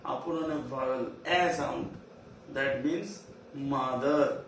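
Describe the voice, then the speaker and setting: A man with an Indian English accent teaching a virtual class, drilling terms slowly and repeating them. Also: mid-range voice. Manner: slow, repetitive drilling of terms. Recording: echoey room, far from mic, faint hiss.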